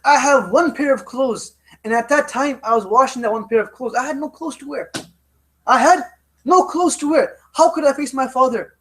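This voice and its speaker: A modest, ashamed young daughter of a ruler pleads and repeats herself, as a man puts her on in a retold story. The voice is very high. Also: moderate pace, fairly bright tone. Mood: pleading.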